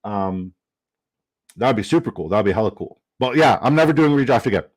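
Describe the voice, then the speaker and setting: A young man casually chatting on a live stream, reading chat comments aloud, excitable and swearing freely. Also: on the low side, brisk. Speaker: fantasy football streamer.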